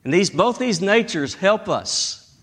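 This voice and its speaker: A male pastor preaching a sermon dramatically, swinging between loud bursts and hushed tones. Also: sits high, lively intonation, takes it slowly, slightly rough.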